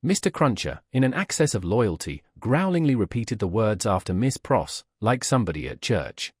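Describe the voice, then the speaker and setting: A man narrating a classic novel as an audiobook, in a measured, expressive reading. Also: on the low side, husky, no echo, studio quality.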